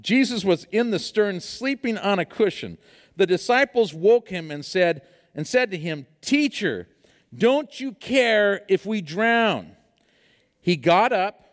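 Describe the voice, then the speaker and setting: A man preaching a sermon, telling a personal story in an animated way with many fillers before reading scripture. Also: sits high, big-room sound. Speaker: pastor.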